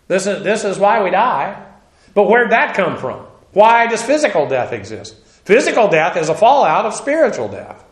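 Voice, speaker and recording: A man delivering a verse-by-verse sermon in a fairly high voice for a man, talking emphatically and conversationally, with dry humorous asides. The room around him rings with echo. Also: a bit bright. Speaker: pastor. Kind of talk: expository Bible teaching sermon. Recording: echoey room.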